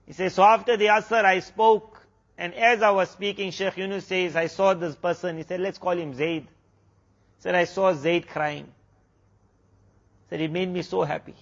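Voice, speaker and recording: A man's voice: high-pitched, fairly even intonation, a little slow, a bit bright, highs cut off. A man preacher with a South African accent, telling a sermon story full of quoted exchanges. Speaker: Islamic preacher.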